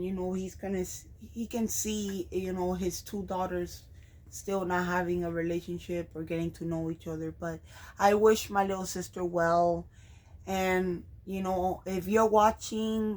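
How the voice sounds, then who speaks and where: Slow, hesitant woman vlogger. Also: lowish voice, a little mellow, low-quality recording. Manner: slow, hesitant, with frequent ums and restarts. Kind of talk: personal vlog talking to camera.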